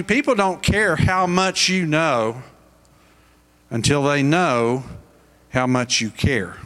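A man's voice: on the high side, bright, forceful tone. A middle-aged male pastor preaching a sermon, pressing his points with rising, emphatic questions.

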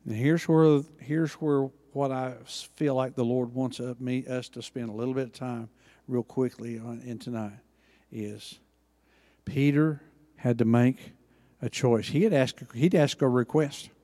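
A man preaching a sermon, acting out Bible dialogue with lively emphasis. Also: mid-range voice, unhurried, big-room sound. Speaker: pastor.

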